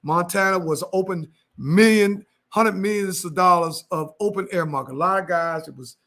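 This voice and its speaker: A man's voice: sits high, moderate pace. A man telling a street story on a podcast, heavy with slang and acted-out quotes. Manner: animated street slang, acts out quoted voices. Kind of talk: casual storytelling chat.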